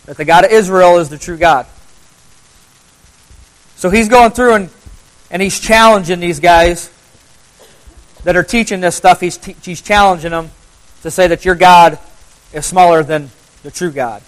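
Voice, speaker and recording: A man with a slightly high voice giving a motivational Bible talk to a live group. He speaks conversationally, throws questions at his listeners and drives points home by repeating phrases. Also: unhurried, pauses often, poor audio. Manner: conversational, asks the audience questions.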